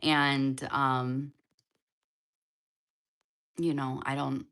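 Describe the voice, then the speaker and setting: A woman's voice: a bass voice, level tone, drawn-out words, fairly bright tone, clean tone. A woman giving tarot readings on a live stream, chatting loosely and speaking straight to her viewers. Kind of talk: casual live-stream reading, answering chat.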